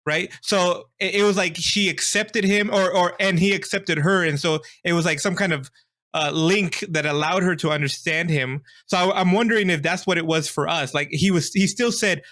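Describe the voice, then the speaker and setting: A man's voice: high voice, moderate pace, a bit bright. A man co-hosting a casual movie review podcast, laughing often and poking fun at himself. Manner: laughs often, self-deprecating. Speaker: podcast co-host.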